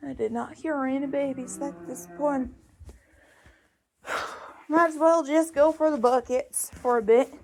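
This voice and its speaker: A young woman with a high voice and a put-on Southern drawl talks slowly and casually as she walks around outdoors. She is a little out of breath, and faint noise sits under her voice. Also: fairly even intonation. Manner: chatty, coos at animals in a high baby voice. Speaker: farm vlogger. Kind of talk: casual walk-and-talk farm vlog. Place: outdoors on a farm.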